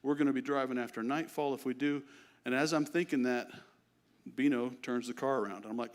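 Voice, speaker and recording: A middle-aged man giving a church testimony, telling his story in an animated, self-deprecating way. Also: mid-range voice, brisk. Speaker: guest speaker. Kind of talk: sermon testimony.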